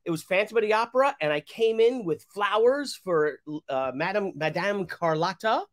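A man in his fifties, a guest on a casual live talk show, telling animated stories and laughing easily. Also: high-pitched, normal speed. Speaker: guest comic creator.

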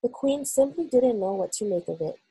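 A woman reading a children's novel aloud for school children in an expressive, unhurried storytelling manner. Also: on the high side, slightly rough, no room sound, rough recording.

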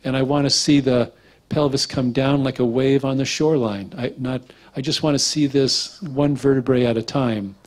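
A man's voice: medium pitch, moderate pace. A man teaching structural integration in a casual lecture, rambling and acting out little quotes from clients. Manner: relaxed, rambling, acts out quotes.

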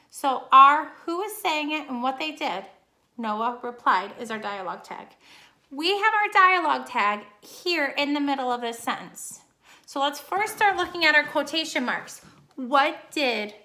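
A woman's voice: sits high, lively intonation, unhurried, bright, forceful tone. A woman teacher giving a recorded online grammar lesson, explaining patiently step by step.

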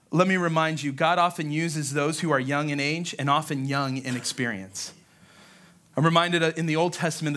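A man pastor preaching a lively sermon, telling stories and acting out the voices in them. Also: fairly high pitch.

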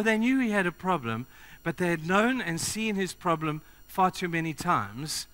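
A man preaching a sermon to his congregation, speaking directly to them and moving between loud urgency and quiet earnestness. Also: a little high.

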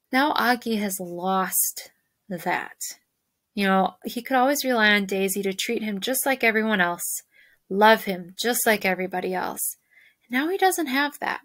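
A woman teacher who reads a novel aloud and reflects on it gently with her class, often pausing with "you know". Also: medium pitch, dry recording.

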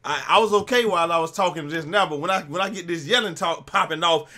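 A young man giving casual gameplay commentary with friends, joking, swearing a lot and breaking into loud yells when the action picks up. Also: fairly high pitch, expressive, fast talker, hardly any pauses. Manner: swears a lot and breaks into yelling mid-game; jokey, trash-talking banter. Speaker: gaming commentator.

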